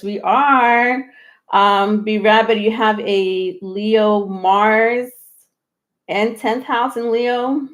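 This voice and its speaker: A woman hosting a tarot live stream, talking casually, a little out of breath, rambling with many pauses and restarts. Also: mid-range voice, a bit bright. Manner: rambling, many ums and restarts, laughs often. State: slightly out of breath.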